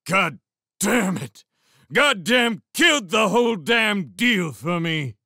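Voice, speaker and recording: A man's voice: high voice, sing-song, slow pace, no echo, studio quality, voice pushed up, heavily acted. A man voicing a huge, drunk, enraged brute who bellows and slurs. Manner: bellowing, slurred shouting.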